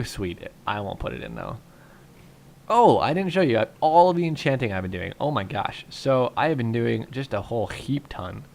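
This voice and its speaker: Gravelly, low-voiced man thinking aloud. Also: a little hiss or hum. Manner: relaxed, rambling, thinks aloud with fillers. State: yawning, tired. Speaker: gaming YouTuber. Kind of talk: casual Minecraft commentary.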